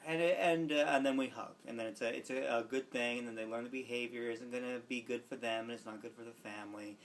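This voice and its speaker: A young man, a student teacher, earnestly recounting a personal story, dropping softly into gentle quoted lines. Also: mid-range voice, fairly even intonation, quick pace, few pauses, slight background noise. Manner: earnest, reflective, with soft quoted asides.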